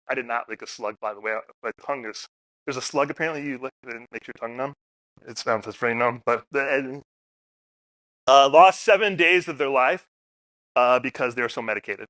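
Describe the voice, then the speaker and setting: With a mid-range voice and no echo, a man shares personal stories at a public forum, bringing the characters to life by acting out what they said.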